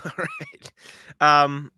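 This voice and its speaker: A young man co-hosting a casual sports podcast, telling stories in an animated way, swearing freely and laughing often. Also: on the high side, extremely slow, no echo. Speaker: podcast co-host.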